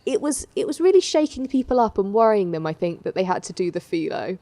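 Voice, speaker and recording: A woman's voice: medium pitch, fast talker. A woman hosting a podcast, chatting casually and telling stories with lots of fillers. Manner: chatty, animated storytelling with many fillers. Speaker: podcast host. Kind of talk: casual chat recapping a baking show.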